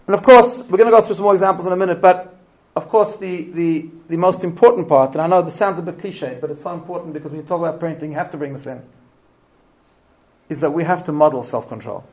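A parenting lecturer, middle-aged and an immigrant to Australia, speaks to a live audience at a quick pace in a fairly high voice. The audio is poor; he tells stories animatedly, restarts often, and asks the room rhetorical questions.

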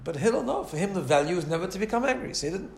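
A man with a fairly high voice gives a Torah lecture in a relaxed, conversational manner. He keeps checking in with his listeners and acts out the characters in his stories. The room adds a noticeable echo. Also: racing, creaky. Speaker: rabbi teaching a class.

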